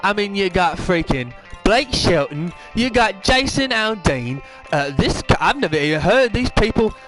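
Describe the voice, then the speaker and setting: A man's voice: sits high, very animated, moderate pace, fairly bright tone, faint music behind. A man doing a goofy impression of a rambling British celebrity footballer in a put-on accent that drifts from Cockney to Liverpool. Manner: rambling, goofy, self-correcting. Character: mock celebrity footballer hosting a pre-show, rambling and silly. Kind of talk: comedic impression monologue.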